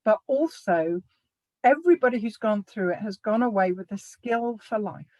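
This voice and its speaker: A woman's voice: mid-range voice, lively intonation, normal speed, a little mellow, dry recording, rough recording. A woman hosting a live online workshop over a video call, upbeat and promotional, with some playful teasing. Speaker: workshop host.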